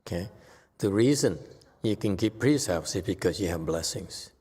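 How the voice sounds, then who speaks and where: A male Buddhist teacher giving an animated, emphatic dharma lecture. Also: sits low, moderate pace, slightly rough. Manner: animated, emphatic, voices dramatic quotes. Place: temple lecture hall. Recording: long hall reverb.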